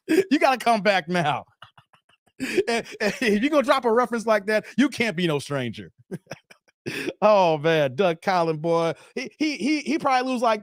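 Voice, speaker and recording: High-voiced man chatting on a dry mic. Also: no room sound. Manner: loose, joking, laughs often, calls viewers "man". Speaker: livestream host reading chat. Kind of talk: casual livestream chat.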